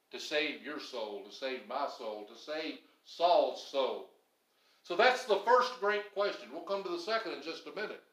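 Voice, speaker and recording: A man preaching a sermon as pastor, stressing some phrases loudly and dropping others low and quiet. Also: roomy sound, low-quality recording. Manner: emphatic, swings between loud stresses and low quiet phrases.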